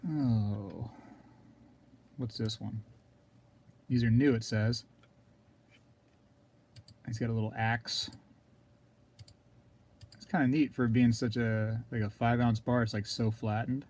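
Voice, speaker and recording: Male live streamer, casual rambler, warm low-key voice, frequent throat clearing. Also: fairly even intonation, slow, pauses often, a little hiss or hum. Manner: rambling, talks to viewers in chat, clears throat often. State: throat scratchy, keeps coughing.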